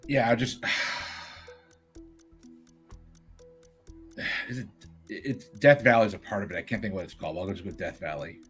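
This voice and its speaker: A man plays as a contestant on a trivia game show, giving answers and dry little wisecracks. His voice sits fairly low. Faint music runs behind him. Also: animated, slow, pauses often, fairly bright tone.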